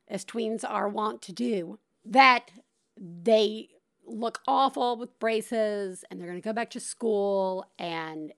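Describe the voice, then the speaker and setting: A middle-aged woman hosting a podcast, telling a story in a casual, animated way and laughing often. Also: medium pitch. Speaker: podcast host.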